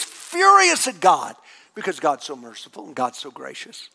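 A middle-aged man delivers a sermon from the pulpit. His voice sits fairly high and swings widely in pitch, now and then climbing into loud, acted outbursts. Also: normal speed, vocal fry. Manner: animated, acts out a furious prayer in a raised voice. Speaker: lead pastor.

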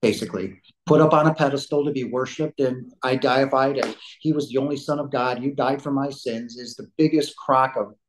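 A man's voice: mid-range voice, brisk, rough recording. A man, a podcast guest, telling his story in an emphatic and blunt conversational way, rambling with frequent restarts. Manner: rambling with many restarts and fillers.

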